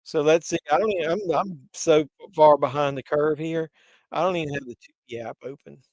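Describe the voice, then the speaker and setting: A man's voice: on the high side, brisk, darkish tone, dry recording, low-quality recording. Chatty man hosting a movie livestream. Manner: rambling, chatty, many fillers. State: congested from pollen. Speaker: livestream host. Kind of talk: casual livestream chat.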